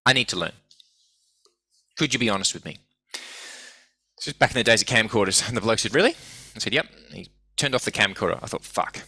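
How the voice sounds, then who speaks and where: A man's voice: fairly low pitch, fast talker, long pauses, slightly rough, no echo. A man, a guest telling casual stories with lots of swearing and acted-out quotes. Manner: swearing, animated anecdotes acting out quoted voices. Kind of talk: casual storytelling.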